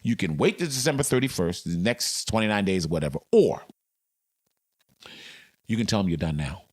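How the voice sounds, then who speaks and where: An older man with a very low, deep voice tells his stories emphatically, leaning hard on his key lines. He sounds like a veteran sportscaster talking as an interview guest. The sound is dry and close, with no room echo. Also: lively intonation, fairly quick, darkish tone. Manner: emphatic, dramatic storyteller. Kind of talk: storytelling in a podcast interview.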